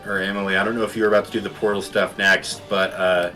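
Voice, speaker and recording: A man's voice: low-pitched, little pitch movement, quick pace, sharp tone, faint music behind, rough recording. A man playing a tabletop game, hesitant and playful, full of fillers as he describes his moves. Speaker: player. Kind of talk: casual tabletop play.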